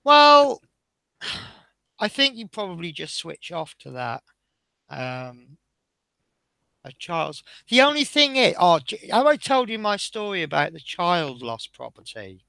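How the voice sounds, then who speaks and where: Fields. Sex: man. Role: streamer. Style: casual anecdotal chat. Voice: gravelly, somewhat high. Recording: dry. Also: very animated, slow pace, pauses often, bright, forceful tone, no echo. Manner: chatty anecdotal storyteller, reads out chat. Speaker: streamer building a model bus.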